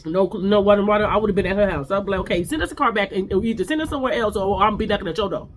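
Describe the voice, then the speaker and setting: A woman's voice: medium pitch, racing, slight background noise. Sassy woman giving a blunt TV recap. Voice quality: blunt, sassy, candid, with frequent restarts. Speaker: reality TV recap host. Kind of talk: casual recap commentary.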